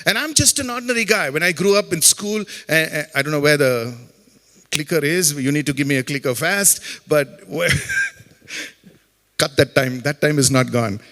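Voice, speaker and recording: A man's voice: on the high side, measured pace, a bit bright. A middle-aged man from Chennai with an Indian English accent, giving a humorous, faith-based talk as a guest speaker and tossing jokey asides to the audience. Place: campus auditorium. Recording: long hall reverb in an auditorium.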